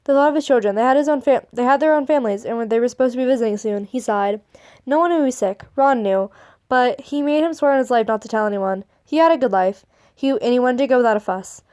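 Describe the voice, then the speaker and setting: A woman's voice: fairly high pitch, fast, a little mellow, clear, resonant tone. A woman reading fan fiction aloud, often tripping over words and starting her sentences over. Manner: stumbling over words, restarting and laughing at the text.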